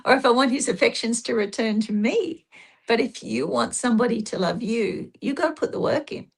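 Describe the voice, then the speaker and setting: Gravelly woman giving emphatic advice. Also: fairly high pitch, moderate pace, pauses often. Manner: emphatic, advising, anecdotal. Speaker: guest. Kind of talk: casual interview chat.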